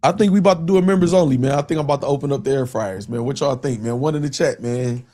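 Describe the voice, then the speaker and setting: A man's voice: medium pitch, fast talker, mellow. A man hosting a casual livestream, talking loosely to his chat, repeating himself and laughing often. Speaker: livestream host.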